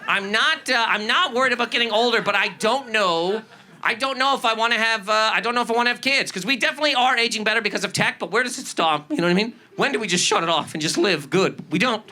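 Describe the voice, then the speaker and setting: A man's voice: high-pitched, fast talker, sharp tone. A man performing a stand-up comedy set, ranting with incredulous, exaggerated delivery. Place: comedy club stage. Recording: live stand-up with audience laughter. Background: audience laughter.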